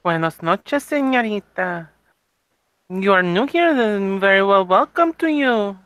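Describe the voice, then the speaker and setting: A woman's voice: mid-range voice, lively intonation, unhurried, fairly bright tone, no room sound. A woman voicing a teasing, formal Spanish woman at a night court, with a Spanish accent and slightly broken phrasing. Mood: courteous. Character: warm, teasing Spanish woman, old-world vampire courtier.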